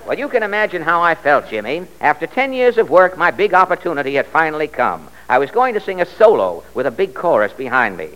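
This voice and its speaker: A man's voice: a little high, very animated, brisk, few pauses, fairly bright tone, slight background noise, rough recording. A man, a radio comedian host, telling a comic story in a dry, wry manner on an old radio broadcast.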